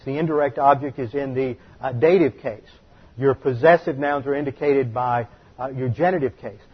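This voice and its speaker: Bible teacher, male, fairly high and husky voice, explanatory and emphatic, muffled lo-fi recording. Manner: explanatory, emphatic, slows to stress key words. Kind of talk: Bible study lecture.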